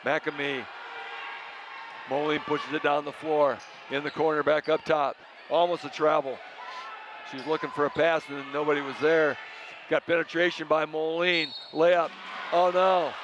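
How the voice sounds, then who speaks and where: A man doing play-by-play commentary for a high school basketball game, calling plays in short, brisk bursts. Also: flat delivery, highs cut off, background noise. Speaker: play-by-play announcer.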